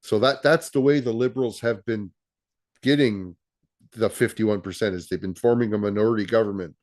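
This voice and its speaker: Brief male guest, fairly low voice, casual, stop-start explainer. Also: a little fast, darkish tone. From Canada. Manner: repeats words and restarts while explaining. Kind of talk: casual conversation.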